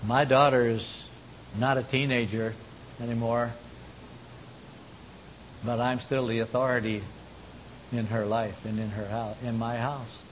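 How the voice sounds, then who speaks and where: A man preaching a sermon in a folksy manner, moving between loud exhortation and hushed, low tones. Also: little pitch movement, measured pace, pauses often. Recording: long hall reverb, faint rumble.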